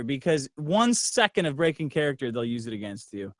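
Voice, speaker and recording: A middle-aged man telling a profane, brash story in casual livestream talk, acting out other people's lines in a lower voice. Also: sing-song, a little fast, fairly bright tone, no room sound, studio quality. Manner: acts out others' lines in a low voice. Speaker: guest.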